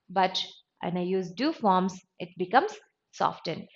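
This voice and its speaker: A woman's voice: on the low side, lively intonation, unhurried, highs cut off. A woman teaching an English grammar lesson, explaining step by step and stressing each example sentence.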